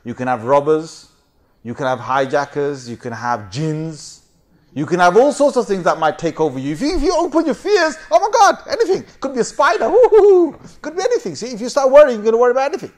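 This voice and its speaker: A man preaching a sermon as a lively story. He often laughs, swings his voice up and down, and keeps checking with his listeners. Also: fast talker. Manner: animated, laughing often, big swings in pitch and loudness; chatty, asks the audience for agreement.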